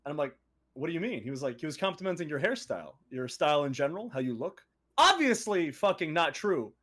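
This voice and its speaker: Animated young man telling stories. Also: a little high, quick pace. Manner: animated, laughing, voices quotes. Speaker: co-host. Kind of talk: casual podcast storytelling.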